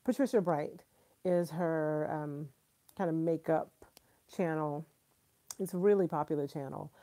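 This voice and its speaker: A woman in her thirties hosting a live stream, gushing excitedly and chatting straight to her viewers. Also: low voice, a little slow.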